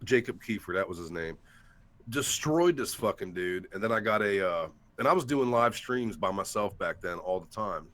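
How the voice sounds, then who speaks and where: A man's voice: lowish voice, a bit bright. A man talking casually on a livestream call-in show, telling a story bluntly and with a lot of swearing. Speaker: guest YouTuber. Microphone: headset or desktop mic on call-in.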